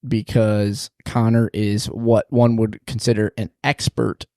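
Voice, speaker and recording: A man hosting a casual podcast in a small studio, upbeat and jokey, talking in quick bursts. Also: lowish voice, flat delivery, mellow, no room sound. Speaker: podcast host.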